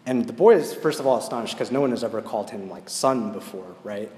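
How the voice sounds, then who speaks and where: A man's voice: medium pitch, quick pace, hardly any pauses, warm tone. A man giving a storytelling sermon and then a prayer, talking conversationally and often checking in with "right?". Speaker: preacher. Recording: echoey hall with long reverb.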